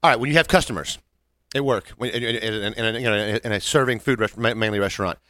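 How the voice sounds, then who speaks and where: A man's voice: on the low side, dry recording, studio quality. A man chatting casually on a podcast, telling stories and acting out customers. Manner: fast-talking, animated storyteller, acts out customers. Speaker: podcast co-host; restaurant server. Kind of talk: casual chat.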